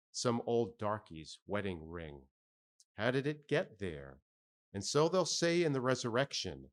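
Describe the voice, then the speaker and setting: Guy reading as a crazy young cabin boy, high singsong chanting, all over the place, slow. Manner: chanting, wildly swinging pitch.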